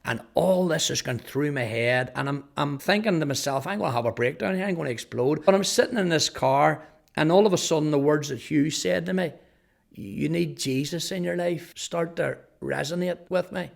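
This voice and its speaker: A man's voice: on the high side, normal speed, creaky. A man telling his personal testimony in an earnest storytelling way, often repeating words. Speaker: testimony speaker.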